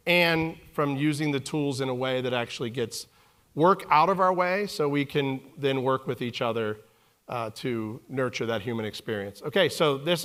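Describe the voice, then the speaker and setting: A man in his forties giving a live keynote talk on a conference stage, animated and joking with the audience. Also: mid-range voice, smooth. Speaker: keynote speaker.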